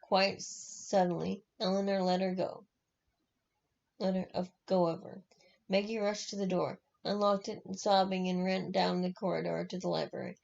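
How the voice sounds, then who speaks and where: Woman reader, novel read aloud; gravelly, mellow tone, frequent self-corrections, dull lo-fi sound. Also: lowish voice, level tone, normal speed. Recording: dull lo-fi recording.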